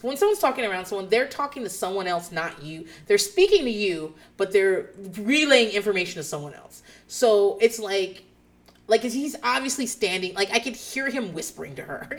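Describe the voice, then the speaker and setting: A woman's voice: mid-range voice, normal speed. Swearing, laughing woman telling stories. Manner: profane, animated, laughs often. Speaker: podcast host. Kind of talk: casual storytelling chat.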